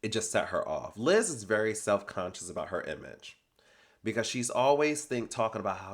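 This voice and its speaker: Man, lowish voice, for a sassy, animated reality TV recap vlog. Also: moderate pace. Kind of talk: casual reality TV recap commentary.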